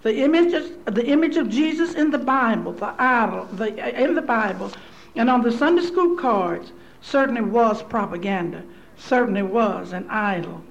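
A woman from Louisville, Kentucky, giving a lecture with storytelling, speaking deliberately in repeated, list-building phrases. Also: on the high side, lively intonation, vocal fry, highs cut off. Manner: deliberate, repetitive preacherly cadence building lists. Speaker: speaker on theology.

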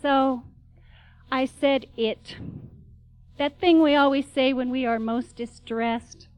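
A woman's voice: sits high, fairly even intonation, slow pace, a little mellow, smooth, low-quality recording. A middle-aged woman giving a wry, dramatic spoken-word storytelling performance.

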